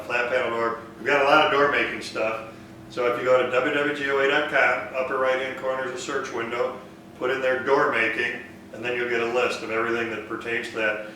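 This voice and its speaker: A man hosting a woodworking live stream, answering viewer questions in a relaxed way that thinks aloud. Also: mid-range voice, very echoey, distant mic, a little hiss or hum, rough recording. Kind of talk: casual live Q&A, reading viewer comments. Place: woodworking shop.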